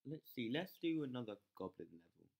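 Gamer narrating their game, bouncy up and down voice, shouts at their troops and swears a lot. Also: medium pitch, a little fast, creaky. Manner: excitable, yells at troops, swears, self-mocking. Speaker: game channel host. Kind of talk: live gameplay commentary.

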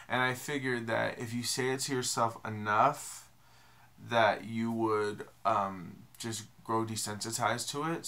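A man's voice: fairly low pitch, creaky, pushed and bright. A young man vlogging to the camera in a casual, rambling, self-deprecating way, with many fillers. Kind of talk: casual confessional vlog.

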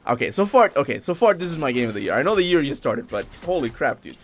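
A young man casually commenting on his gameplay during a livestream, excitable, swearing freely and talking to his chat. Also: mid-range voice, quick pace, hardly any pauses. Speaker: game streamer.

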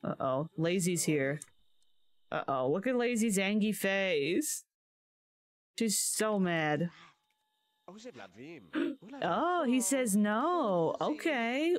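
A woman's voice: medium pitch, expressive, extremely slow, pauses often, faint music behind. Chatty woman narrating her gameplay. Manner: chatty, laughing, gasping at game events. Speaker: gaming video creator. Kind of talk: casual gameplay commentary.

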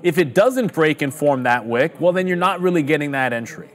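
A man's voice: a little high, animated, a little fast. A man giving a trading lesson in an emphatic, instructive way. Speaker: trading educator.

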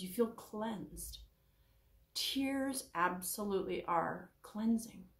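Earnest woman counselor in a roomy space. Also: mid-range voice. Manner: earnest, storytelling, slows down for emphasis. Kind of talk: informal educational talk to camera.

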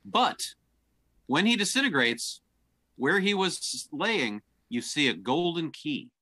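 Older male improviser as game master, deadpan, bright voice, lively pitch, on a video call. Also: slow pace, husky, no echo. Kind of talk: improvised comedy scene.

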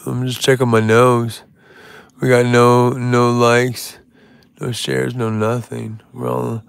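A man's voice: medium pitch, little pitch movement, takes it slowly, vocal fry, clean tone, no echo. A young man doing rambling stand-up on a live stream, swearing often and drifting into silly bits. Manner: rambling, swears a lot, breaks into silly songs.

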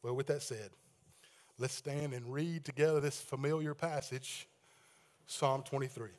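A man preaching a sermon in a church, reading scripture aloud with the congregation, praying quietly and asking them to raise their hands. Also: medium pitch, fairly even intonation, measured pace. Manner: leads congregation in call-and-response readings and hand-raising; swings between loud proclaiming and hushed prayer. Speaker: pastor. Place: church sanctuary with balcony.

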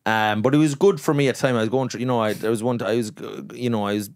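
Brief: Irish comedian, lively storyteller, laughs and swears often, dry studio mic. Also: male voice, medium pitch, racing, no echo. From rural Ireland. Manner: animated anecdotes, frequent laughter and swearing. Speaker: guest comedian. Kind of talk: casual storytelling chat.

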